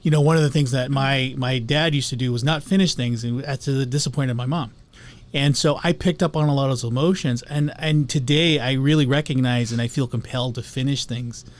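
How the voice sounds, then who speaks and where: A man's voice: mid-range voice, fairly quick. Reflective man co-host of a talk show. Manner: reflective, shares personal stories. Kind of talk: casual spiritual talk.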